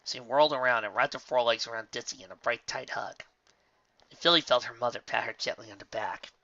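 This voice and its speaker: A man narrating a fan fiction audiobook with expressive storytelling. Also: mid-range voice, quick pace, dry recording, highs cut off. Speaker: reader.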